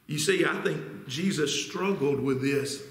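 Man, pastor, fairly high voice, earnest sermon, echoey sanctuary. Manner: earnest, deliberate preaching with rhetorical questions. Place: church sanctuary.

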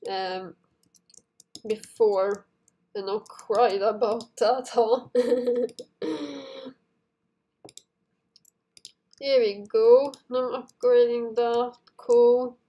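A woman's voice: on the high side, dark tone. A woman hosting a casual gameplay video, chatting to viewers and giggling often as she plays. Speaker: gaming video host.

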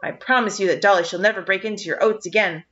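A woman's voice: medium pitch, quick pace, fairly bright tone, lightly acted. An earnest, eager teenage girl, as a woman reading a storybook puts her on, her voice sitting a touch above the middle. The recording is muffled and lo-fi. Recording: dull lo-fi recording.

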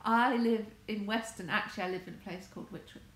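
This fast-talking Englishwoman has a medium-pitched voice with fairly even intonation. A married adult crafts vlogger, she rambles chattily on a livestream from her home conservatory, wandering and self-correcting; the audio is echoey with faint background noise.

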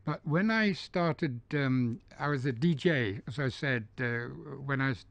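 A man's voice: mid-range voice, lively intonation, measured pace, no echo. An older man from the north of England with a neutralized mid-Atlantic English accent, telling stories in an interview with many ums and restarts. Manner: storytelling, hesitant with frequent ums and restarts. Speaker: interviewee, dubbing studio founder. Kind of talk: relaxed anecdotal interview. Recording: dull, dry lo-fi recording.

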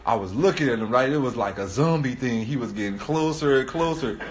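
A man's voice: medium pitch, lively intonation, a little fast. A man in his thirties telling a story in casual street slang, laughing often and repeatedly asking "right?". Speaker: host.

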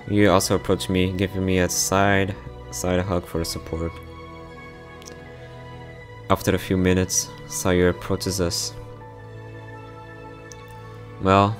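A man reading a visual novel story aloud, narrating and voicing every part in a soft, heartfelt way. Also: sits low.

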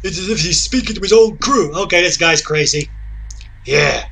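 A man voicing a wary old townsman in a strained, croaky ghoul voice. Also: fairly high pitch, expressive, moderate pace, fairly bright tone, slight background noise. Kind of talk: game voice acting.

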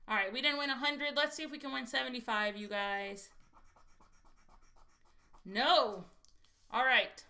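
A woman from Texas hosting a casual lottery scratch-off livestream, chatty and excitable and talking straight to her viewers. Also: fairly high pitch, moderate pace, long pauses. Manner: chatty and excitable, keeps saying "you guys".

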